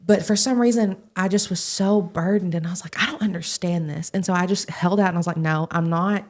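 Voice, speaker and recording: A young adult woman, a young adult pastor, telling stories in a podcast interview, animated and acting out the voices of the people she quotes. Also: lowish voice, fairly quick. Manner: animated, acts out quoted voices, laughs often. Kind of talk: casual storytelling in a podcast interview.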